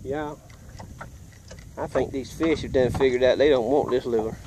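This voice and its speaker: A man's voice: medium pitch, normal speed, background noise. A middle-aged man telling a folksy childhood story while fishing outdoors, acting out voices and sound effects. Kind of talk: casual storytelling.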